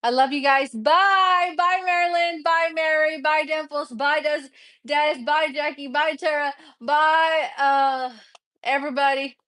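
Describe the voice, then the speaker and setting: A woman's voice: high-pitched, steady tone, unhurried, a bit bright, no room sound. A woman hosting a casual livestream from her kitchen, chatting to viewers and laughing often. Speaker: livestream host.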